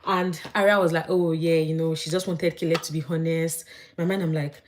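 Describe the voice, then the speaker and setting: Chatty woman, low voice. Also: fairly quick. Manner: chatty, animated gossiping. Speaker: vlogger. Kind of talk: casual chat while doing makeup.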